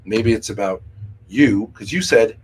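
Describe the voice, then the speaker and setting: Man, fairly low voice, confrontational, lecturing, livestream argument, faint background noise. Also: a little slow.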